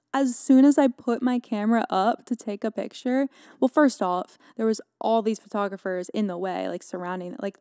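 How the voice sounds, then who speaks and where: A woman's voice: medium pitch, gravelly, mellow, no room sound, studio quality. A young woman hosting her podcast, recapping a story in casual, dramatic chat, full of "like" and laughter. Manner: chatty, dramatic, filler-heavy with frequent "like". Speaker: podcast host.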